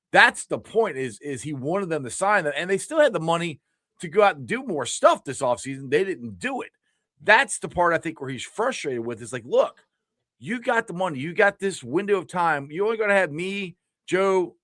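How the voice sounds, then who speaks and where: A man hosting a casual sports talk show, animated, repeating words as he talks over a remote call. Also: a little high, no echo, studio quality. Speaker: podcast host.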